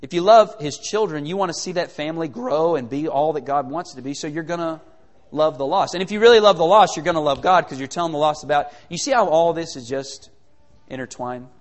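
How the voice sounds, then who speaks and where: A man preaching a sermon in a conversational, animated way, full of rhetorical questions. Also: on the high side, fairly quick, in a large hall.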